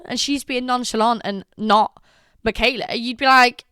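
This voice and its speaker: Young woman, smooth and dry-sounding, talkative vlogger giving animated advice. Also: a little high, fairly quick, no room sound. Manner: chatty and animated, acts out quotes. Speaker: social media creator. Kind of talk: casual advice vlog.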